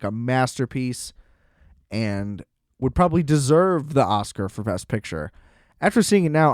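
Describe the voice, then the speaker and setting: A man's voice: on the high side, a little mellow, clear, resonant tone, no echo, clean studio sound. A man hosting a film review show, recapping a movie in a loose, profane and joking casual chat.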